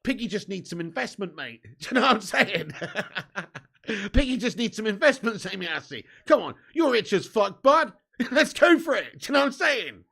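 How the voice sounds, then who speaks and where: A man hosting a live football watch-along, chatting excitedly with viewers, joking, laughing and swearing. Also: sits high, moderate pace, creaky.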